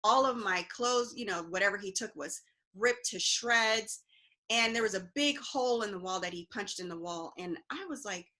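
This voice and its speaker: A woman's voice: mid-range voice, pushed and bright. A woman, an interview guest, earnestly recounting a personal story with fillers and restarts.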